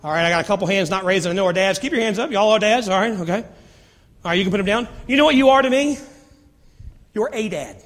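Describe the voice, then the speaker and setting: High-voiced preacher in an echoing church. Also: male voice, racing. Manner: animated preaching with playful asides to the congregation. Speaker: pastor. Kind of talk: sermon. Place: church sanctuary. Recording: long hall reverb.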